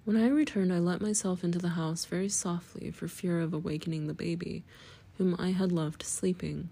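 A woman narrating a story as an audiobook reader, in a measured, steady way. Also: lowish voice, vocal fry, slightly rough.

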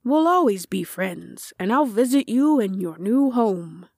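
Woman voicing a fatherly male farmer, soft and low, storybook reading. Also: lively intonation, unhurried, no room sound, clean studio sound. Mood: warm. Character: kind adult male farmer, calm and caring.

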